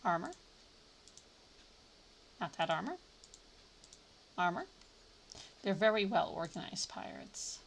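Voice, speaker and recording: A woman live-streams a game, chatting casually and thinking aloud, with sudden playful exclamations breaking in. Her voice sits on the low side, sing-song and slow, with vocal fry and long pauses. There's a faint hiss or hum in the background.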